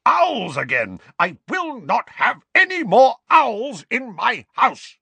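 A man's voice: medium pitch, huge pitch swings, moderate pace, sharp tone, slightly rough, no room sound, pitched above the performer's own voice, full character voice. Male reader doing a blustering middle-aged man, growling, bellowing, dry close sound. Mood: bellowing rage.

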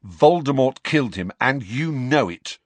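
A man voicing an angry, defiant teenage boy with a tense, forceful delivery. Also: mid-range voice, animated, measured pace, dry recording, voice pushed up.

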